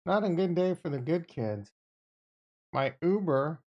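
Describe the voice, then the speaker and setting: A man hosting a casual livestream about trading, talking excitably and with profanity as he riffs with viewers. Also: fairly high pitch, a little slow, dull audio. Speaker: livestream host.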